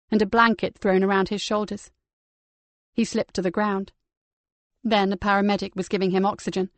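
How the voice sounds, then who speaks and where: A woman narrating a crime novel audiobook in a steady, measured reading. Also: mid-range voice, no room sound. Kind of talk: scripted crime fiction narration.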